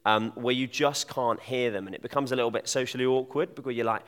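Chatty preacher from in a reverberant hall. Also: male voice, medium pitch, steady tone, fast, a bit bright, smooth. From Devon, England. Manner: chatty, jokey, addresses audience directly. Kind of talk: informal sermon.

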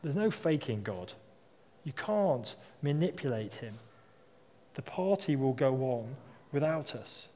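A man's voice: mid-range voice, big pitch swings, slow, mellow. A man preaching a sermon in a mid-range voice, chatting through anecdotes and tossing out rhetorical questions. His words ring out with a long echo from a large hall. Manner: conversational storytelling with rhetorical questions.

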